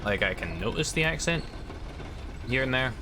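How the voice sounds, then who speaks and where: A man's voice: mid-range voice, very animated, normal speed, noisy background. A Scottish man streaming a video game, chatting casually with viewers and rambling as he answers their questions. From Scotland. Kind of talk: casual chat while gaming.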